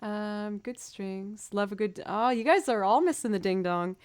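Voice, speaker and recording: A woman's voice: mid-range voice, unhurried, a little mellow. A woman music streamer in casual live-stream chat, rambling, chatty and self-deprecating.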